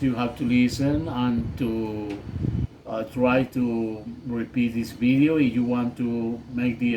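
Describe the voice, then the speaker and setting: Brief: man teaching English, slow and hesitant, faint background noise. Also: mid-range voice, darkish tone. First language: Spanish. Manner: hesitant, with many fillers. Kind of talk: recorded video lesson.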